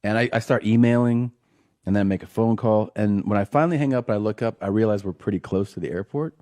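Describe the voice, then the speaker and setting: A man's voice: on the low side, fast talker, warm tone, dry recording, clean studio sound. A man hosting a podcast who tells funny stories and acts out the voices of the people he quotes. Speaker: podcast host. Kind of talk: casual comedic storytelling.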